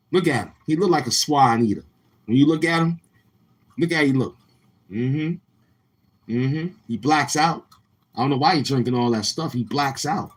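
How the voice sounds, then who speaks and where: A man hosting a live stream, mocking someone in a slow drawl with drawn-out hums. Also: medium pitch, husky, low-quality recording. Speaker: livestream show host. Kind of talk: trash-talking live stream commentary.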